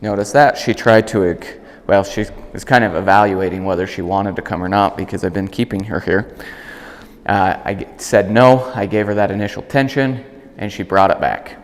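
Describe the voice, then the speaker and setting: A man working as a dog trainer, calmly explaining an outdoor training demonstration and breaking off to call and praise the dog. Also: moderate pace, long reverb tail. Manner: calm explaining, bursts of high praise calls to the dog.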